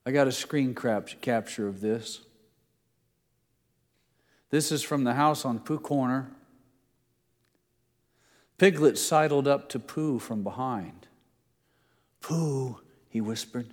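A middle-aged man delivers a sermon from the pulpit in an easy, conversational way, leaning into scripture when he reads it aloud. His voice sits at an ordinary male pitch. The sound carries a long reverb from the large room around him. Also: slow, long pauses. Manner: conversational preaching, reading scripture aloud with emphasis. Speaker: pastor.

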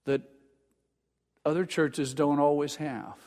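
An older male pastor delivers a sermon through a pulpit mic. His voice sits a bit higher than most men's, and he talks earnestly, stumbling and repeating words as he presses his point. A long reverb from the sanctuary trails each phrase. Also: fairly even intonation, slow pace, darkish tone. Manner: earnest, stammers and repeats words, builds emphasis. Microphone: pulpit microphone.

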